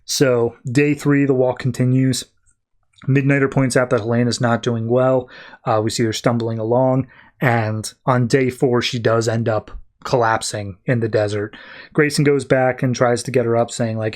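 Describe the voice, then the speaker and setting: Guy on a comics podcast retelling a comic's plot, reads the character lines kinda low-key. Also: level tone, normal speed. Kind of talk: casual recap of a comic issue.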